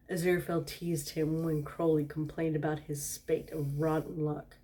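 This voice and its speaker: A woman's voice: deep voice, little pitch movement, normal speed, hardly any pauses, mellow. A tipsy woman doing a storytime reading, giggling and breaking off with asides and laughter.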